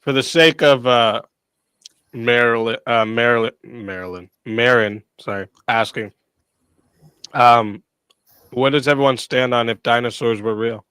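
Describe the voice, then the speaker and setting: Chill guy running a debate stream, smooth clear voice, dry close mic, laughs a lot. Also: medium pitch, unhurried, sharp tone, no echo. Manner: laid-back, laughs often, talks with food in mouth at times. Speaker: stream host and debate moderator. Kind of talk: casual livestream hosting.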